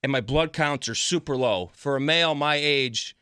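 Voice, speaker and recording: Bright-voiced man telling a story, exasperated. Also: medium pitch, normal speed, clear, resonant tone, no echo, studio quality. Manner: animated, exasperated retelling with quoted asides. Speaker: radio show regular. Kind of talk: casual storytelling on a morning radio show.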